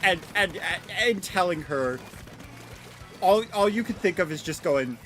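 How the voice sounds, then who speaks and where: Lively, animated woman streamer. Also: on the low side, measured pace. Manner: excitable, laughing, rambling with restarts. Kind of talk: live gameplay stream chat. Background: music.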